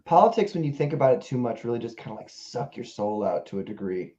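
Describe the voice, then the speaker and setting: An upbeat man chats casually and laughs easily. His voice is warm and mellow, and the audio sounds a little dull and lo-fi. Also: mid-range voice, big pitch swings, slight background noise. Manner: enthusiastic, quick to laugh. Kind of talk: casual chat.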